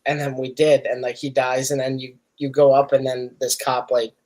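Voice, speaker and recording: A man's voice: medium pitch, level tone, normal speed, darkish tone. A man co-hosting a casual podcast chat, easygoing and joking. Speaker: podcast co-host.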